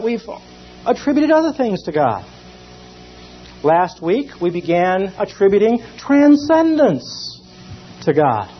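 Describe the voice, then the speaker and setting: Man lecturing on theology, lively and emphatic, slightly high, dull lo-fi sound. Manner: lively and emphatic, with many pauses. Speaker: theology teacher. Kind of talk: classroom lecture. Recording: dull lo-fi recording.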